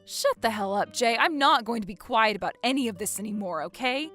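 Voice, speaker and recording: A woman's voice: on the high side, animated, brisk, a bit bright, faint music behind. A woman playing a fed-up, exasperated wife in a dramatized story, talking indignantly. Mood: frustrated.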